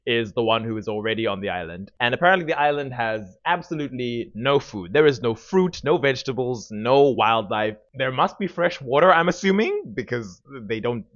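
A man's voice: mid-range voice, lively intonation, normal speed, hardly any pauses, fairly bright tone, highs cut off. A man co-hosting a podcast, recapping a show in wry casual chat and laughing mid-sentence. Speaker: podcast co-host.

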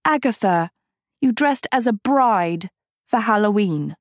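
A woman voicing a bright, eager teenage girl who is earnest and proud, in a storybook reading. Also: mid-range voice, animated, takes it slowly, no room sound, studio quality, voice pushed up.

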